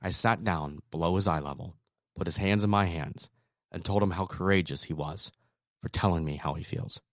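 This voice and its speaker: A man in his thirties hosting a motivational talk, earnest, moving between hushed softness and emphatic bursts. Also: low-pitched, moderate pace, no echo, clean studio sound. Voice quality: soft calming voice in quoted comfort. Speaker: podcast host.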